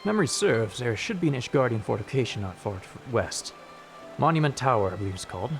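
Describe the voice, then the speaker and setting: A man voicing a steady older male engineer, calm and reassuring as he reads game dialogue. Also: medium pitch, quick pace, creaky, soft background music.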